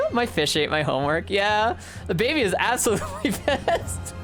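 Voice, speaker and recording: Woman streamer reacting to a game, super animated voice, giggly and sweary, game music behind. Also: mid-range voice, a little slow. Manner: excitable, laughs often, swears, chats with viewers by name. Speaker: VTuber streamer. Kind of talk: live gameplay commentary with chat.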